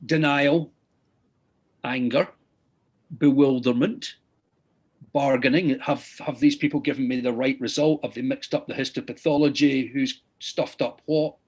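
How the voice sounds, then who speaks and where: A man's voice: medium pitch, fairly even intonation, measured pace, a little mellow, breathy edge. A middle-aged man, a consultant surgeon, lecturing and retelling patient stories earnestly, often repeating "I said". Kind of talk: lecture with clinical anecdotes.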